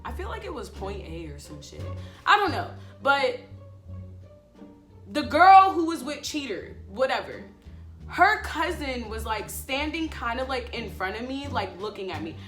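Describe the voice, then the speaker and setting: A woman vlogger telling a story in a casual, animated way, swearing freely and talking to her viewers directly. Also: high-pitched, a little slow. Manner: animated, chatty, addresses viewers as y'all. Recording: echoey room, faint music.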